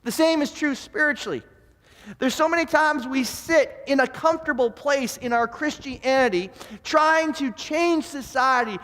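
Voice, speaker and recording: A man pastor delivering a lively sermon, telling stories with stammers and repeated words. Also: extremely high pitch, normal speed, in a large hall. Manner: animated storyteller who stammers and repeats words. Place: church sanctuary.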